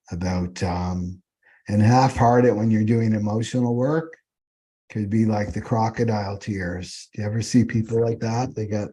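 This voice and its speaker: A man's voice: lowish voice, warm tone, husky. A man teaching astrology off the cuff, rambling and often asking "right?" as he goes.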